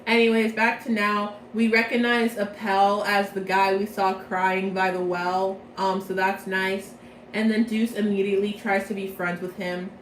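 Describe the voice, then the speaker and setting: A woman's voice: mid-range voice, level tone, a little slow, roomy sound, a little hiss or hum, rough recording. A young woman giving a casual plot recap from memory, chatty and slangy, rambling playfully. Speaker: vlogger.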